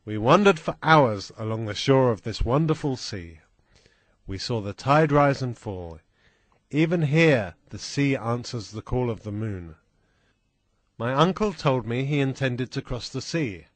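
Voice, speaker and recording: A man reading a first-person adventure story aloud in a slow, deliberate, plain manner. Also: medium pitch, expressive, no echo. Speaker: audiobook reader.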